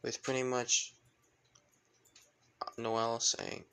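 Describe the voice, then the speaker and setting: Gravelly guy rambling thru his fan story, lots of filler. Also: mid-range voice, steady tone, unhurried, fairly bright tone. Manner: rambling, many filler phrases. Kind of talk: casual fan-fiction retelling.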